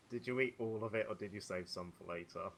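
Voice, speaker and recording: Over a voice call on a computer mic, a lowish-voiced man plays his tabletop character, chatty and sarcastic and laughing often. He speaks at a moderate pace, and the poor audio carries a little hiss or hum.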